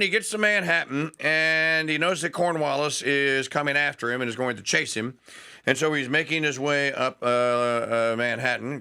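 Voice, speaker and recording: A male talk show host spins a long history story, excited and prone to wandering off on tangents. His voice is bright and forceful, with a mid-range pitch. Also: smooth. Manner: enthusiastic, digressive, rambling storyteller.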